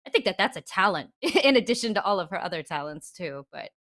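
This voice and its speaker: A woman's voice: lowish voice, very animated, quick pace, a bit bright. A woman co-hosting a casual celebrity news chat, upbeat and chatty, laughing often. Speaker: co-host.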